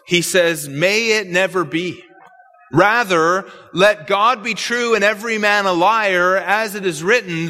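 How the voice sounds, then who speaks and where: A man preaching an expository sermon, emphatic and measured, with repetitions. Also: high-pitched, bright, forceful tone, big-room sound.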